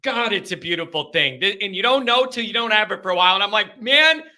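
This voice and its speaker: A man hosting a live call-in sports chat show, talking in an excitable, emphatic and chatty way. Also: high-pitched, quick pace.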